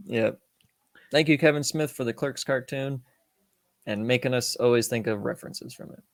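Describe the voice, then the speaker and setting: A man's voice: medium pitch, normal speed, dry recording. Casual swearing podcast man, dry sound. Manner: profane, animated, acts out quotes. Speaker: podcast co-host. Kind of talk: casual film review chat.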